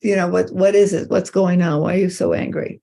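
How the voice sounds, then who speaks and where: A woman voicing a calm, clear-minded male Zen master who answers threats with gentle questions. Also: fairly low pitch, fairly quick.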